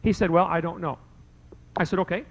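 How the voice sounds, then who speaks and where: The man's voice sits high and is creaky, with a steady tone and a fairly quick pace, on a rough recording. He's debating before a live audience, sharing a folksy anecdote and performing both sides of a conversation.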